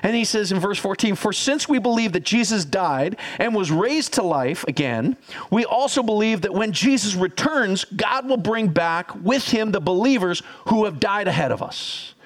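Pastor guy preaching, high voice, lively, gets the crowd to repeat words. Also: moderate pace. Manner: energetic, teaching, audience call-and-response. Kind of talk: sermon.

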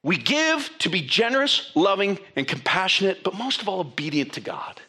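Guy preaching sunday sermon, bright voice, swings up and down a lot, keeps restarting himself. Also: high voice, moderate pace, husky. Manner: animated preaching with many restarts and asides. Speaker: pastor.

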